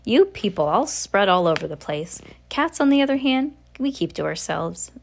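A woman's voice: medium pitch, sing-song, normal speed, creaky, a little hiss or hum. A woman reading aloud, voicing an aloof, self-satisfied male black cat in a dry, superior manner. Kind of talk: storybook read-aloud.

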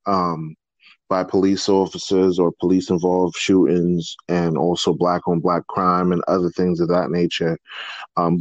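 Deep-voiced animated man. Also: no echo, dull audio. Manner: animated storytelling, rises in pitch when excited. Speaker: podcast co-host. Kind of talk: casual discussion.

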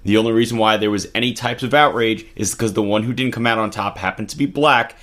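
A man's voice: fairly low pitch, steady tone, fast, a bit bright. A man giving blunt, profane political commentary in casual chat, co-hosting a talk video.

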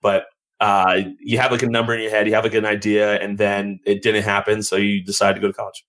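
A man, a former pitcher chatting as a podcast guest in a laid-back, joking way, often restarting his sentences. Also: level tone, quick pace, a bit bright, poor audio. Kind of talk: casual chat.

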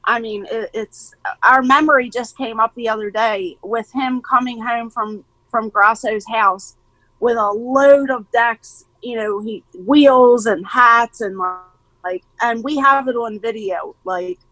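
High-voiced woman telling lively stories. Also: measured pace, dry recording, poor audio. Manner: animated storyteller who acts out quotes and laughs often. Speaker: guest, mother of young skateboarders. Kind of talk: casual interview chat.

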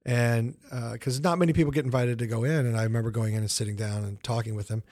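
A middle-aged American comedian, appearing as a guest in a casual interview, tells stories animatedly with lots of fillers and restarts. He talks fast at a medium pitch, and there's no room sound.

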